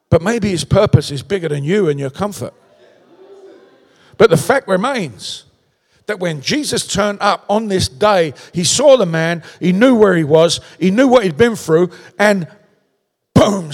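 A man's voice: sits high, animated, measured pace, in a large hall. A man preaching a sermon in a conversational way, tossing out rhetorical questions in a large church.

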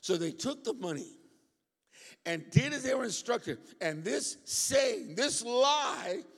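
A man preaching a lively sermon with call-and-response asides to his congregation. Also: very high-pitched, slow pace. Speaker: pastor. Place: church hall. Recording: reverberant hall.

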